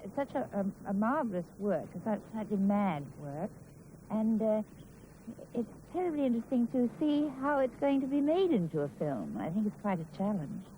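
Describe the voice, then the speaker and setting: A woman's voice: medium pitch, very animated, moderate pace, mellow, a little hiss or hum, poor audio. A woman from Wales, an actress answering interview questions hesitantly, with many "um"s and restarts.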